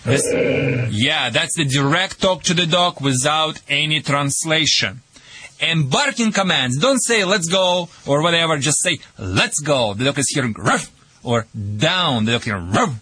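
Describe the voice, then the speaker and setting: Bright joking man with a Russian accent. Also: fairly high pitch, expressive, normal speed, husky, dry recording. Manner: joking, broken English with many uh fillers. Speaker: dog trainer guest. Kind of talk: advice on a radio show.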